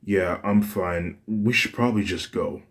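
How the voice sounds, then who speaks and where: A man's voice: deep voice, a little slow. A man voicing a weary young brother who only wants the fighting to stop. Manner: tired, subdued.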